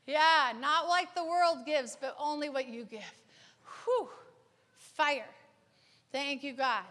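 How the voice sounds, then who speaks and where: A woman's voice: high-pitched, slow pace, a bit bright. A woman leading spontaneous charismatic prayer, repeating words and breaking into sighs and exclamations. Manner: repetitive, exclamatory, with breathy sighs and whews. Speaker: prayer leader. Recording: long hall reverb.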